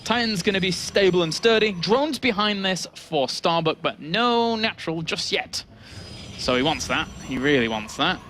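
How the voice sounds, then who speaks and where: A man with an English accent commentates an esports match in a slightly high voice. He is chatty and quick to laugh, and he brings announcer flourishes to his calls. A faint hiss sits under the recording. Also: animated, sharp tone. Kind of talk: play-by-play game commentary.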